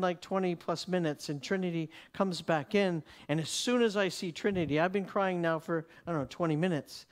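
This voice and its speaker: A man preaching, telling a story in an animated way, laughing often and repeating words as he goes. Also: high voice. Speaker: preacher teaching. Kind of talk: sermon storytelling.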